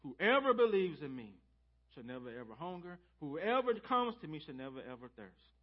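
A man preaching a sermon, swinging from loud emphasis to hushed near-whispers. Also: fairly high pitch, sing-song, moderate pace. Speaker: pastor. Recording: slightly dull lo-fi church audio.

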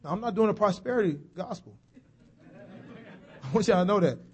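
High-voiced preacher. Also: male voice, animated, darkish tone, a faint crowd. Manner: folksy, chatty preaching with asides to the congregation; slows and drops low on key phrases, rises on emphasis. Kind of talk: sermon.

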